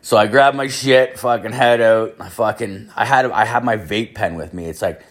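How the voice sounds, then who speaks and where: A man's voice: on the low side, moderate pace. A man in his thirties telling a rambling, exasperated story, swearing constantly. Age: 30s. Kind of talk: profane comic storytelling rant.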